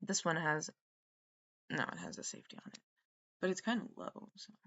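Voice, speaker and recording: A woman's voice: low-pitched, wildly swooping pitch, normal speed, a bit bright, dull audio. A woman hosting a podcast, rambling through a solo monologue, swearing and trailing off mid-thought. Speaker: podcast host.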